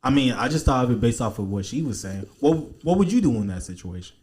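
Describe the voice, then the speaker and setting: Male podcast host, easygoing banter, mid pitch. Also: expressive, quick pace, darkish tone. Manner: joking, laid-back banter. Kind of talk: casual chat.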